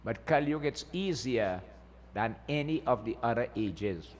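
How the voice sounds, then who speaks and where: A man with a mid-range voice speaks animatedly at normal speed, delivering a folksy Hindu sermon as a pundit. He frequently asks the crowd "eh?" The long reverb of the Hindu temple hall is clear in the recording.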